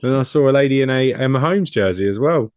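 A man from England co-hosting a podcast, chatting casually and laughing often, with quick voices for the people he quotes. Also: medium pitch, expressive, no echo, clean studio sound. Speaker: podcast co-host. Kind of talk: casual chat.

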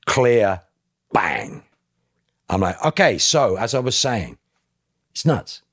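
A man in his fifties with a deep, husky voice tells a dramatic personal story on a podcast. He talks bluntly and emphatically, swears freely and acts out the words of others. The sound is close and dry, with no room around it. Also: expressive, slow pace, dry recording. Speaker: podcast guest. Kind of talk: emotional storytelling.

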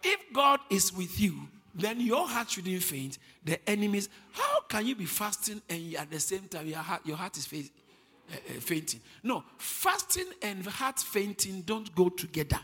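Male preacher, high animated voice, long hall reverb; quiet teaching that rises to shouted declarations. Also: measured pace, breathy edge. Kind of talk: sermon.

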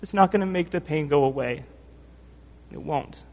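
A man's voice: on the high side, moderate pace, gravelly, darkish tone. A male preacher delivers his sermon in a church hall, and his voice carries a long reverb. He sounds earnest and emotional, a little worn from lack of sleep. He restarts phrases often and keeps checking in with "right?".

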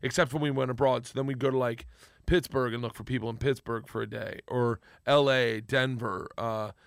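A middle-aged man telling stories in casual podcast chat, rambling, with bursts of loud laughter. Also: medium pitch, steady tone, fairly quick, gravelly, no room sound, studio quality. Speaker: comedian guest.

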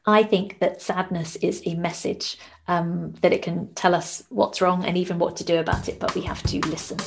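A woman being interviewed as an author, answering thoughtfully with halting restarts. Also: lowish voice, little pitch movement, vocal fry, over music. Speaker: guest author. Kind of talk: interview conversation.

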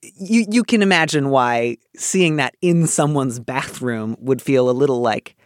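A man's voice: medium pitch, measured pace, few pauses, no room sound, studio quality. Wry, earnest man giving advice. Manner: earnest, wry, thoughtful with filler words. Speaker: advice column host. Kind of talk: casual podcast advice chat.

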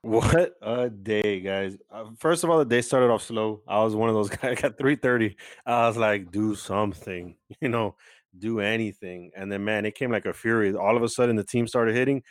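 A man's voice: lowish voice, normal speed, no echo. Upbeat man hosting a sports podcast from home. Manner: upbeat, chatty, many fillers. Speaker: podcast host. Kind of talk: casual sports chat.

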